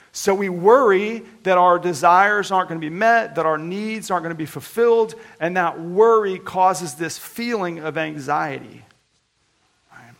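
A man with a high, gravelly voice delivers a sermon. He speaks earnestly and conversationally, lifting his voice when he acts out quotes. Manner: earnest, conversational preaching with animated retold quotes. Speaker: pastor.

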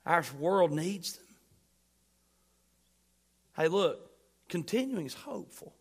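A man preaching a sermon as pastor, emphatic, swinging between loud bursts and quiet asides, and putting questions to the congregation. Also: sits high, expressive, slow pace, breathy edge.

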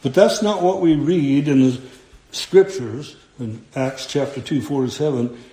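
A man preaching a sermon, slow and deliberate, quoting scripture in old-fashioned phrasing. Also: medium pitch, mellow, reverberant.

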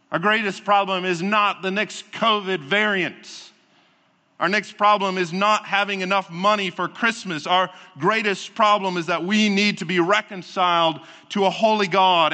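A male preacher delivers his sermon in short, weighty phrases, often sinking low and hushed to drive a point home. His voice sits a little high and rings bright and forceful, and he takes his time over every line. The sound carries a long tail of reverb, like a large church sanctuary. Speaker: pastor.

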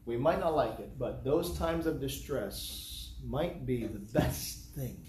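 A man's voice: medium pitch, expressive, slow pace, a little mellow. A man from the United States preaching a sermon in earnest, repeating his points in rhetorical lists. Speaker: pastor. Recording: echoey room, faint background noise.

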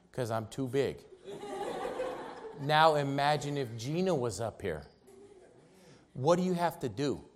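A male preacher delivers a sermon in a lively voice that climbs and drops widely. He takes his time, repeating key words with emphasis and swinging between loud and quiet. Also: medium pitch.

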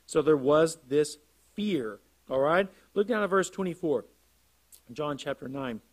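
A man's voice: a little high, expressive, a little slow, darkish tone. A man preaching an expository sermon, reading scripture aloud and explaining it, often checking with listeners by asking "right?". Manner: reads scripture aloud then explains it, asks the congregation "right?". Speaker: pastor.

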